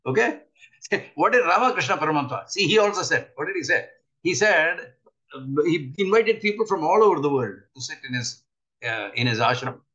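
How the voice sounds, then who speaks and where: An older man giving an earnest spiritual talk, often pausing to ask his listeners rhetorical questions. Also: fairly high pitch, animated, sharp tone, lo-fi sound. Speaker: spiritual teacher.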